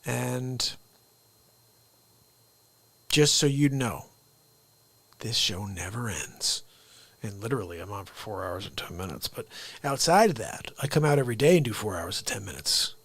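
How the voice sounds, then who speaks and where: A man's voice: lowish voice, animated, moderate pace, vocal fry, long pauses, fairly bright tone, husky, no echo. A man hosting a live comedy stream, talking in a rambling, joking way that turns earnest. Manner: rambling, jokey, earnest asides. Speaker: livestream host and impressionist. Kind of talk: unscripted live comedy monologue.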